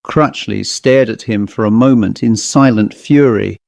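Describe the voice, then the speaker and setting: A man reading a ghost story aloud in a steady, measured way, close to the mic. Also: fairly low pitch, creaky, no echo. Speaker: audiobook narrator. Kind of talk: scripted ghost story narration.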